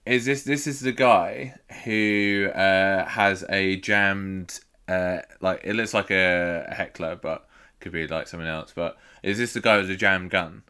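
A man's voice: low voice, fairly even intonation, unhurried, sharp tone, clean tone. A man co-hosting a casual movie podcast, rambling through the plot and swearing freely. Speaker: podcast co-host. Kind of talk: casual movie-review banter.

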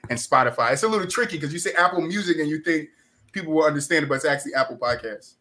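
A man's voice: fairly high pitch, racing, bright, forceful tone. A man from New Jersey with a New Jersey accent, a guest on a sports podcast talking casually and with emphasis.

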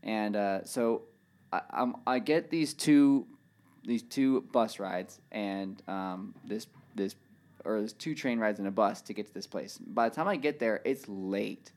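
A man's voice: fairly low pitch, a little slow. A man telling a rambling travel story in casual chat, full of "like" and "dude". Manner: rambling, animated, says "dude" and "like" a lot.

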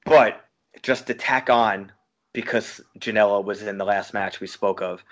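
A man's voice: on the low side, measured pace, a bit bright. A man from Long Island co-hosting a wrestling podcast, talking in a casual, profane, ranting way. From Long Island, New York. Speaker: podcast co-host. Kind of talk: casual chat.

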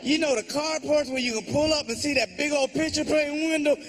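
A man telling a stand-up comedy story, animated and laughing along, over audience laughter. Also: very high-pitched, a little fast.

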